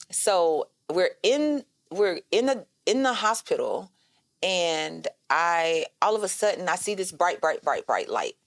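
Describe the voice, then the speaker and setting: Animated woman telling her story. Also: on the low side, no room sound. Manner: animated storytelling, addresses listeners as "y'all" and "girl". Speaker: guest. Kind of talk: personal storytelling in a podcast conversation.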